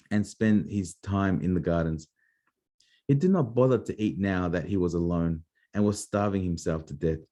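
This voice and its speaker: A father reads a fairy tale aloud at bedtime, his voice mellow and dark in tone. He swings his pitch widely for effect, playful and expressive, dropping in small asides. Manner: animated, playful storytelling with asides. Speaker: parent reading to a child. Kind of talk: bedtime story reading.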